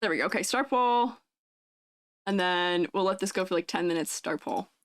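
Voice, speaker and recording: A woman's voice: normal speed, clear, resonant tone, no room sound. Young woman vtuber, sounds way younger than she is, bubbly and giggly, dry close mic. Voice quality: youthful-sounding high voice. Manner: bubbly, giggly, chats with viewers. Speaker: VTuber streamer. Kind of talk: casual live-stream chat.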